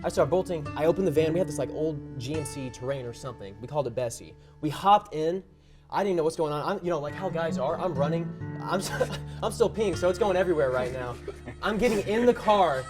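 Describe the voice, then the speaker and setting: Excitable young man in mock panic. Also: a little high, fast, music in the background. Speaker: panelist telling a tall tale. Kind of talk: comedic storytelling.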